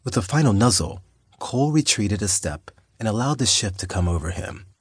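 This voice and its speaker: Low, husky-voiced male audiobook narrator. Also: expressive, brisk, no room sound, studio quality. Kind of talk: scripted narration.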